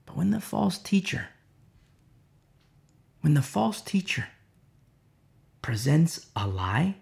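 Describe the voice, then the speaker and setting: A man's voice: a little high, sing-song, slow, gravelly, darkish tone. A man preaching an informal sermon, impassioned and rambling, with many fillers and repeated phrases.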